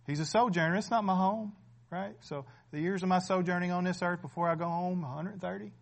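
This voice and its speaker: In his forties, a man preaches a sermon conversationally, often asking "right?" and building up to loud, emphatic peaks. His voice is high-pitched, brisk and creaky.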